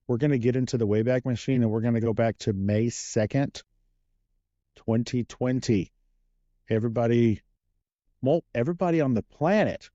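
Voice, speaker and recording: Male guest interviewer, jokey and lively, dark tone on a dull lo-fi recording. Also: mid-range voice, dry recording. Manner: energetic, joking, playful. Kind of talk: casual podcast interview.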